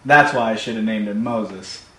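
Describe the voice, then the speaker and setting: A man telling a comic personal story in an animated, playful way, recorded in an echoey room. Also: fairly low pitch, normal speed. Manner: animated, playful, builds to shouts. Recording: echoey room, faint hum.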